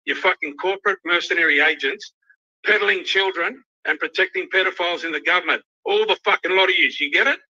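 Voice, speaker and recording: A man's voice: sits high, a little fast, bright, forceful tone. An angry, emotional Australian man ranting on a livestream, swearing constantly. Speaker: youth worker ranting on a livestream. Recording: dull lo-fi livestream audio.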